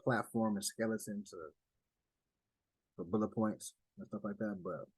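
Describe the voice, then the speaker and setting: A man's voice: fairly low pitch, steady tone, moderate pace, breathy edge, no room sound, poor audio. A man presenting a document to a study group in a casual, conversational way, with asides, restarts and direct address. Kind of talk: casual explanatory talk over slides.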